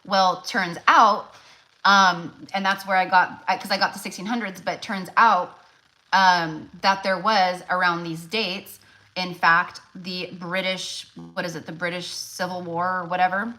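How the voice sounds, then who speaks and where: Her voice is on the low side with fairly even intonation, a measured pace, and a sharp tone, captured in a low-quality recording. This woman does loose, casual live tarot readings, chatting with many fillers and restarts and laughing a lot.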